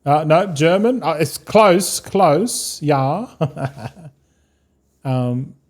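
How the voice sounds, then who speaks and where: A fairly high-voiced Australian man talks to his stream viewers in a loose, rambling way. He swears freely and calls everyone "mate" and "boys", drifting from one thought to the next. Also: drawn-out words. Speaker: game streamer. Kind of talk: casual live-stream chat.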